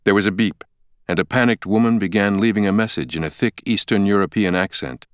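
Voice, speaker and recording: A man reading an audiobook in a measured, steady way, close to a studio mic. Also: lowish voice, smooth, no room sound. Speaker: audiobook narrator. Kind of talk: scripted audiobook narration.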